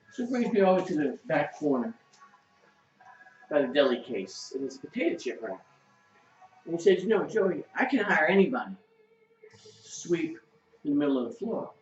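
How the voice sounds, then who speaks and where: Brief: a blunt New man cooking on webcam, swearing freely, in a roomy kitchen, picked up from a distance. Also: mid-range voice. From outside New York City. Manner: blunt, profane, chatty. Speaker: cooking show host. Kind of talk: casual cooking demo with political rant. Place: home kitchen, indoors. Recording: echoey, distant, muffled, faint music.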